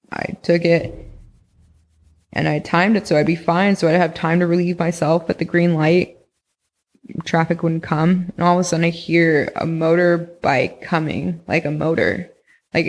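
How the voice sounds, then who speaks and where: Young woman, creaky voice, rambling casual storyteller full of "like" and swearing. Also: on the low side. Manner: rambling, heavy use of "like", frequent swearing. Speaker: podcast guest recounting experiences.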